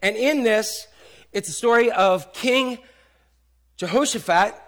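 A middle-aged pastor preaches a sermon casually and with animation, his high voice swinging between loud exclamations and soft asides. He takes it slowly.

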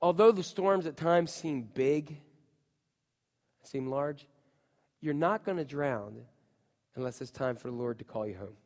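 A man preaching a sermon, telling the story in an animated way with voices, swinging from loud outbursts to hushed lines. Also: a little high, a little slow, pauses often, in a large hall. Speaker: pastor.

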